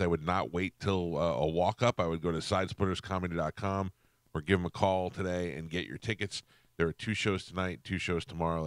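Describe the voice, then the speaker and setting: A man's voice: low voice, fairly bright tone. A man hosting a morning radio show, joking and teasing through casual banter. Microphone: studio microphone.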